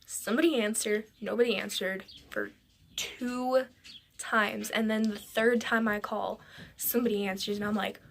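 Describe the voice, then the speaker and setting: A woman's voice: medium pitch, steady tone, a little slow, gravelly, a bit bright, slight background noise. A woman narrating a dramatic personal story for a storytime vlog, rambling and breathless with many "I'm like" asides. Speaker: vlogger.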